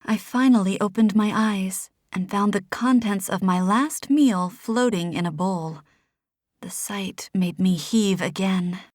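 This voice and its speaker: A woman narrating a first-person fantasy novel in a soft, hushed, measured voice. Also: mid-range voice, dry recording, studio quality. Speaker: audiobook narrator.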